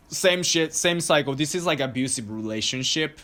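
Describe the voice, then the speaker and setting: A man's voice: a little high, normal speed, a bit bright. A man hosting a podcast, telling a crude personal story in a casual, profane and exasperated way. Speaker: podcast host.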